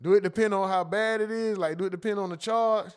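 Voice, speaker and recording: A man hosts a casual livestream, reading viewers' comments aloud. His voice sits high and he jokes loosely with the chat. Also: quick pace, smooth. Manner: animated, laughing, reads chat comments aloud in a joking tone.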